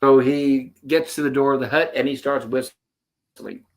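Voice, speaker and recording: A man's voice: medium pitch, steady tone, measured pace. A man hosting a casual show, retelling scenes and quoting the characters' lines. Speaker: host. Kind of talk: casual episode commentary.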